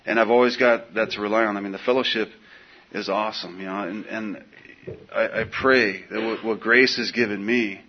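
A middle-aged man sharing his recovery story at a meeting, in a casual, slangy, animated way with lots of fillers. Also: lowish voice, normal speed, a little hiss or hum. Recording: dull lo-fi recording.

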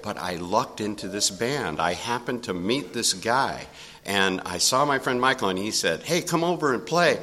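An older man telling a personal story in a casual, animated way, chuckling often. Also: medium pitch.

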